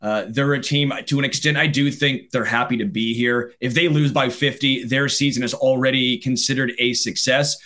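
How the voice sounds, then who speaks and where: A man's voice: medium pitch, steady tone, moderate pace, few pauses, a bit bright. A man co-hosting a casual sports talk show, laid-back and laughing easily, also reading a sponsor spot. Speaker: sports podcast co-host. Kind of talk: casual sports chat with ad read.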